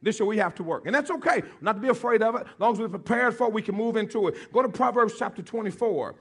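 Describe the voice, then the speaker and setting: Male pastor, high husky voice, playful preaching with call-and-response. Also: animated, fast talker. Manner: joking with the congregation, calling for responses; repeats key phrases for emphasis. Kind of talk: sermon.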